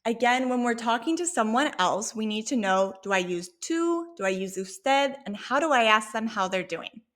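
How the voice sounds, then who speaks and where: A woman teaching a Spanish lesson, explaining a sample dialogue clearly and patiently. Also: fairly high pitch, lively intonation, a bit bright. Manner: clear, patient, slow when modeling Spanish phrases.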